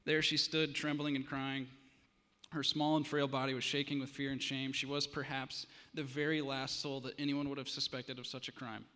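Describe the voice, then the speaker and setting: Male pastor, mid-pitched voice, dramatic storyteller, long echo in the church hall. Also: little pitch movement, moderate pace, sharp tone. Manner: dramatic storytelling, then earnest preaching. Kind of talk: sermon.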